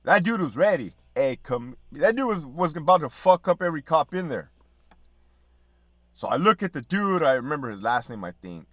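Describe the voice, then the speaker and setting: Profane, animated storyteller man. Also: a little high, moderate pace, dry recording, clean studio sound. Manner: profane, animated storytelling with laughs and quoted dialogue. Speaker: podcast host, former prison officer. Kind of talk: casual storytelling.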